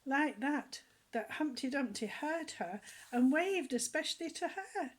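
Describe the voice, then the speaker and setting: A woman reading a children's story aloud with a gentle, animated storytelling manner. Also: high voice, measured pace.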